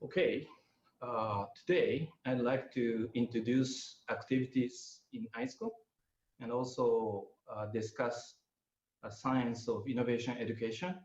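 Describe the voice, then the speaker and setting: An older man with a Japanese accent, speaking English as a second language, gives a webinar lecture with frequent pauses and fillers. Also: mid-range voice, steady tone, darkish tone. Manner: hesitant, many pauses and fillers. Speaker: guest lecturer. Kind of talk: webinar presentation. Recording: roomy, slightly muffled audio.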